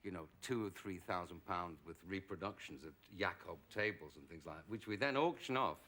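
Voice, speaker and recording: Bright-voiced middle-aged English actor. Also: male voice, low voice. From England. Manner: lively storyteller, acts out quoted voices. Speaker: actor, talk show guest. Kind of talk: anecdotal chat.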